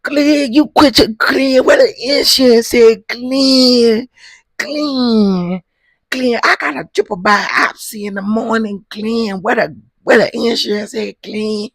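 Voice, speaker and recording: A man putting on the voice of a frantic woman, pleading and shouting at her husband in a shrill, repetitive rant. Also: fairly even intonation, moderate pace, gravelly, hardly any pauses, husky, no echo, heavily acted.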